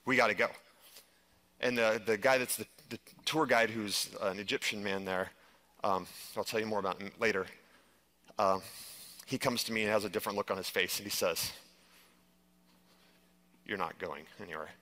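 A man speaks to a live audience in a bright, forward voice. He tells his story with animation and fills his talk with "like". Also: lowish voice, fairly quick. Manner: animated storytelling, heavy use of "like". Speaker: conference speaker. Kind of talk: live stage presentation.

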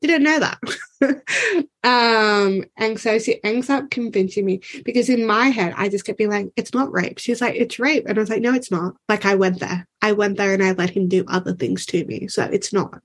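A woman's voice: mid-range voice, normal speed. A woman speaking as a podcast guest, telling a personal story in candid conversation and quoting herself and others with "like".

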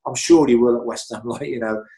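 A man's voice: medium pitch, steady tone, brisk, warm tone. A middle-aged man, a guest telling rambling, chatty anecdotes full of restarts and "you know"s. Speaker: interview guest. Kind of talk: anecdotal storytelling.

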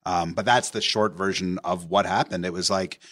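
A man with a low voice explains his show in a relaxed interview. He talks in an easygoing way and often chuckles. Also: moderate pace. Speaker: show creator and writer. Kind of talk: casual interview chat.

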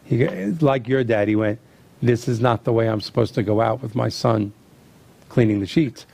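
A middle-aged man hosting a chat, telling family stories and acting out the quotes with lively energy. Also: medium pitch, normal speed, gravelly. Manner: animated storyteller acting out quotes. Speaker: host. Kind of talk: casual storytelling chat.

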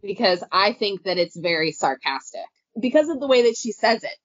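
A woman co-hosting a casual book podcast, rambling with many fillers and quick laughs. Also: mid-range voice, lively intonation, dry recording. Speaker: podcast co-host. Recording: dull dry lo-fi audio.

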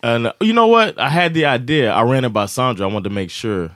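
A man's voice: mid-range voice, fast talker, no room sound, clean studio sound. A man co-hosting a podcast, telling a story in casual chat and acting out the quotes with lots of laughter. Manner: animated, laughing storyteller who acts out quotes. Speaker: podcast co-host.

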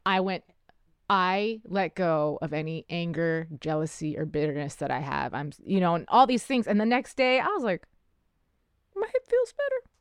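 A woman with a smooth, clear voice, chatting through a personal story with rambling asides. The sound is dry and close to the mic. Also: fairly low pitch, animated, moderate pace, no room sound. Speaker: podcast host. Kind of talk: casual storytelling.

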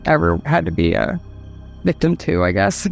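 A woman from Ohio, a guest telling a personal story in a halting way, with many fillers, restarts and nervous laughs. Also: sits low, very animated, gravelly, a little mellow, faint music behind. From Dayton, Ohio, USA. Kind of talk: casual storytelling.

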